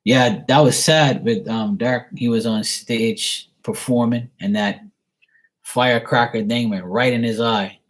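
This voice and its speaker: Speaking unhurriedly in a steady, mid-range voice, a man answers viewer questions while doing a tarot reading on a live stream. The conversation is loose and rambling, full of "you know," frank and sometimes profane.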